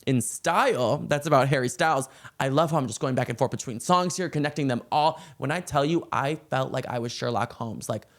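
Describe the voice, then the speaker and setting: A man excitedly breaking down celebrity gossip in a vlog, gushing and reading song lyrics aloud. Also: mid-range voice, a little fast, hardly any pauses. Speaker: pop culture commentator.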